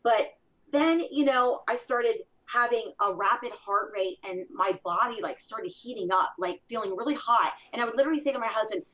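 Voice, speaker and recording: A woman's voice: on the high side, normal speed, fairly bright tone. Woman giving emphatic testimony, lo-fi. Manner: emphatic, repetitive storytelling. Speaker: interview guest. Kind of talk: personal testimony. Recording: dull lo-fi recording.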